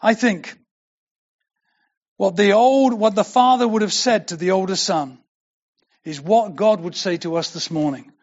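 A man's voice: sits high, a little slow, long pauses, muffled recording. An older man preaching a sermon as pastor, earnest and building to emphatic declarations.

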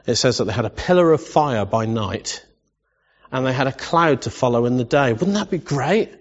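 A man preaching a sermon in a conversational way. He asks his listeners questions and adds playful asides. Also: mid-range voice. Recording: dull recording in a long-reverb hall.

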